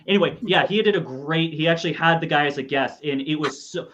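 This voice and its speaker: Blunt host on a dull line. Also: male voice, fairly high pitch, brisk, fairly bright tone. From United States. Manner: blunt, swears casually. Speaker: podcast host. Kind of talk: casual chat. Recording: dull lo-fi sound.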